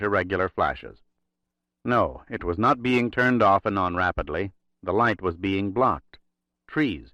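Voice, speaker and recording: A man narrating a thriller audiobook in a steady, measured reading. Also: on the low side, no echo. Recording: dry, slightly dull recording.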